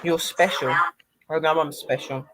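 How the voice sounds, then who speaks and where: A woman's voice: low-pitched, fairly even intonation, moderate pace, heavy background noise. A woman hosting a live paranormal panel chat, speaking tenderly to her late grandad through a spirit box.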